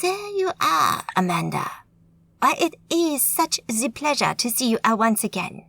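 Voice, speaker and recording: A woman narrator doing a haughty male magus villain with a heavy German accent, for an urban fantasy audiobook. The voice sits fairly high yet swoops theatrically up and down, pompous and sneering, with an odd, altered timbre. Each line is delivered slowly and with relish. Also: big pitch swings, gravelly, fairly bright tone, dry recording, exaggerated voice. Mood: mocking. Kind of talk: audiobook character voice.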